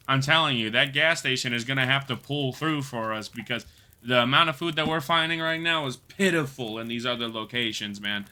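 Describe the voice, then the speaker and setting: A man's voice: mid-range voice, fairly quick. A young man streaming a survival game, talking casually, swearing, laughing and reading chat aloud. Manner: animated, laughing, swears a lot, slangy. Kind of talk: casual gameplay commentary.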